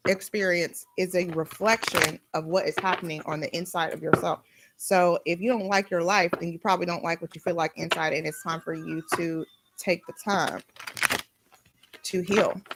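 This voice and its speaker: Woman, young adult, tarot reader, casual spiritual talk, blunt, swears, low voice, faint background hiss. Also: moderate pace. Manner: blunt, animated, swears freely.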